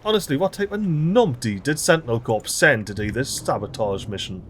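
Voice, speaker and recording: A man giving chatty, excitable let's-play commentary, full of mild swearing and local slang. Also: medium pitch, normal speed, few pauses. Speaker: gaming video host.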